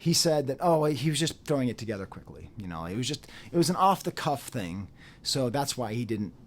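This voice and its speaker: A man talking straight to the camera in an off-the-cuff commentary, his pitch rising and falling in a lively way. He repeats phrases for emphasis and slips into mocking voices when he quotes others. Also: brisk. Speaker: YouTube commentator. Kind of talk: unscripted commentary monologue.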